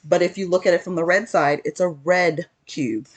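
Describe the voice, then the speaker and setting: A woman with a husky, slightly breathy voice that sits on the low side gives a relaxed spiritual teaching straight to camera. She talks earnestly, retelling her story through quoted back-and-forth exchanges and restarting sentences as she goes. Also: normal speed. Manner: earnest, recounting a story with many quoted exchanges and self-corrections. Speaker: Christian teacher sharing a spiritual lesson.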